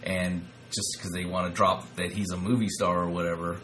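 A man co-hosting a casual podcast, talking in a measured, low-key way with some stammering. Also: flat delivery, sharp tone, a little hiss or hum, poor audio. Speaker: podcast co-host. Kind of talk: casual wrestling podcast chat.

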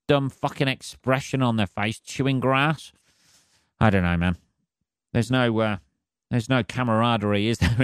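A man's voice: medium pitch, clear, resonant tone, dry recording, studio quality. Sweary man rambling alone. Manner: sweary, rambling, wry, asks for agreement. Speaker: podcast host. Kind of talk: rambling comic monologue.

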